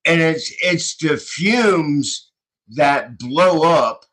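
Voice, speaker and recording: A man in casual panel chat who agrees and explains things at a slow, easy pace. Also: a little high, lively intonation, a bit bright, rough recording.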